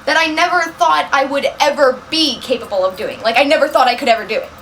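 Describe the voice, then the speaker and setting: Young woman vlogger, high voice, put-on French accent, fast rambling self-conscious chat. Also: fairly bright tone, slight background noise. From United States. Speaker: vlogger and actress. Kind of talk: unscripted casual chat to camera.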